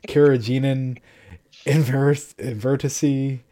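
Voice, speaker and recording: A man reading the lines of a young woman engineer who talks in quick, excited gushes. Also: medium pitch, pitched above the performer's own voice, natural voice. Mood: anxious. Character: young woman engineer, gushing then worried.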